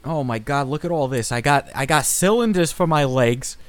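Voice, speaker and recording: A man's voice: on the high side, normal speed, a little hiss or hum, natural voice. A man voicing a clunky, waddling metal robot man who is boastful and self-important during a tabletop role-play.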